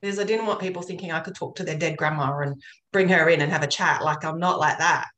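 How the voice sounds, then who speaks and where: Talking fast in a deep yet fairly bright voice, a woman chats about her work as an energy healer in a casual interview. She's earnest, rambling and storytelling freely, with roomy echo around her.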